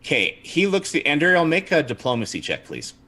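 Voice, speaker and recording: A man narrating and running a tabletop role-playing game as its game master, in a relaxed storytelling manner. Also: fairly high pitch, brisk.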